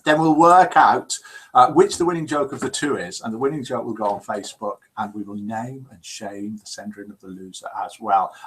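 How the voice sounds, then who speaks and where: A man hosting a live call-in show, in a jokey, lively manner, chatting and reading out listener messages. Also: fairly low pitch, brisk, slightly rough.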